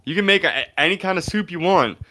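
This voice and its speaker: A man's voice: high-pitched, lively intonation, fast, pushed and bright, no room sound. A man co-hosting a comedy podcast, talking bluntly and profanely in casual chat, with lots of "like" and "dude.".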